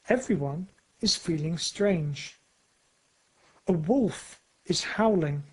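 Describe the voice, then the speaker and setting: A narrator reading a storybook aloud for language learners in a clear, carefully paced way. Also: mid-range voice, a little mellow, poor audio.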